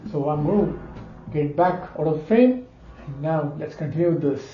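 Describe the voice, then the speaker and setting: Man, music teacher, hums intervals, dull lo-fi sound, loud guitar. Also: fairly high pitch, moderate pace. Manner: talks between played notes, hums and sings intervals back. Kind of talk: casual ear-training lesson. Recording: roomy lo-fi recording under loud guitar.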